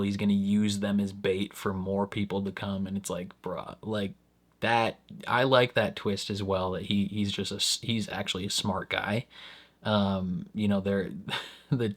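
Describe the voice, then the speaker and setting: A man hosting a casual reaction review, rambling in an easygoing way, chuckling often, and jumping his voice up on asides. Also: lowish voice. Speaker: reaction channel host.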